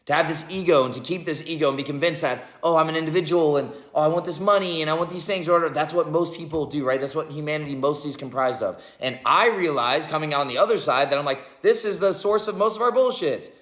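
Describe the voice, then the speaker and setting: In an echoey room, a vlogger in his thirties delivers a rambling, reflective spiritual monologue at a quick pace. His voice runs on the high side with a fairly bright tone, and he peppers his talk with "like," "right?" and plenty of swearing.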